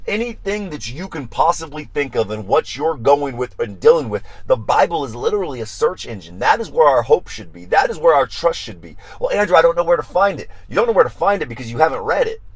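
A man preaching on a Bible study podcast, animated and emphatic, repeating phrases for emphasis and acting out prayers and their answers. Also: medium pitch, brisk, few pauses, slightly rough.

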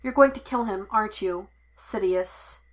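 A woman's voice: medium pitch, unhurried, lightly acted. A woman reading the lines of an earnest young man who is a Jedi, raised and urgent. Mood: urgent pleading.

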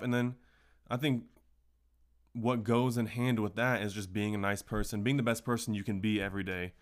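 A man hosting a casual solo podcast, telling stories in a profane, ranting way. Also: on the low side. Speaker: podcast host.

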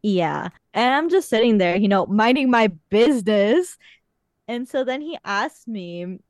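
Slightly high-pitched and animated, a young woman chats on her podcast at a somewhat slow pace, telling stories casually and swearing a lot. The recording is studio quality with no room sound.

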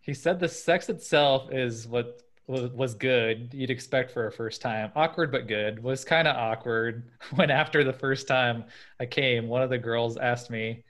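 A man's voice: mid-range voice, measured pace, a bit bright. Casual chatty man reading stories. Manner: casual, filler-heavy, laughs often. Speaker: podcast host.

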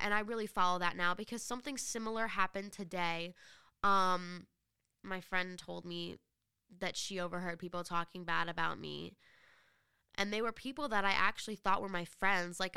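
Chatty teenage girl, bright clear voice. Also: mid-range voice, no room sound, clean studio sound. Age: teens. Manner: chatty, animated retelling with many fillers. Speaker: podcast host. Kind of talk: casual advice monologue.

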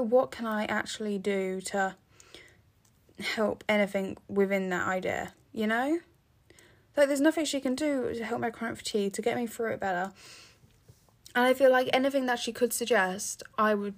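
A teenage girl from England hosting her own podcast, rambling casually with many fillers and restarts, sounding tired. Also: mid-range voice. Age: teens. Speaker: podcast host. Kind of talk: casual monologue.

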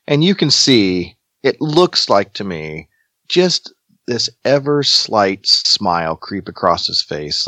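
A man co-hosting a movie podcast in casual chat, wry and halting with many restarts. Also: lowish voice, a bit bright, no echo. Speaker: podcast co-host.

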